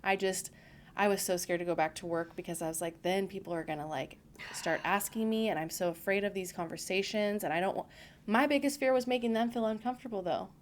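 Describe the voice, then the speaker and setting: A young adult woman in casual podcast conversation, talking in an easy, loose way. She keeps acting out what she said to people, voicing her own remarks in quotes. Her voice sits at an ordinary middle pitch. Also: brisk, slight background noise. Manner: chatty, acts out her own past lines in quotes. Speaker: podcast guest.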